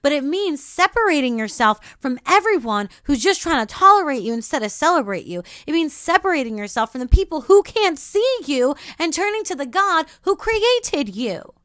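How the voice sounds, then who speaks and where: A woman's voice: high voice, very animated, normal speed, few pauses, a bit bright, no echo, studio quality. A woman hosting a podcast, giving a preachy, emphatic spiritual pep talk in punchy, repetitive affirmations. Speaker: podcast host. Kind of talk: spiritual motivational monologue.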